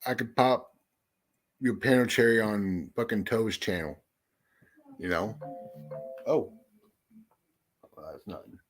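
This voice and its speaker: With faint music behind him, a man speaks slowly in a lowish voice, leaving long pauses. He's hosting a casual livestream chat, greeting viewers and being blunt, swearing heavily and often starting over.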